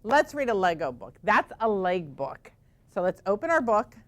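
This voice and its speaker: A woman teaching yoga to children in a gentle, encouraging way, asking them lots of questions. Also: medium pitch, big pitch swings, moderate pace, no echo.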